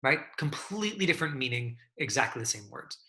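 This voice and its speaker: A man leads an acting class over a video call, his voice very bright and forward in tone. He talks loosely, stringing thoughts together with fillers and restarts as he coaches his students. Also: mid-range voice, sing-song, brisk. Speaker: acting teacher.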